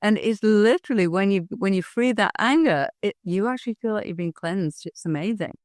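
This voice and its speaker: A middle-aged woman guest talks candidly in an interview. She tells her stories with animated energy, often restarting her sentences. The sound is close and dry. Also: mid-range voice, a little fast, dry recording. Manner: earnest, animated storytelling with frequent restarts. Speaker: guest, hypnosis and NLP trainer.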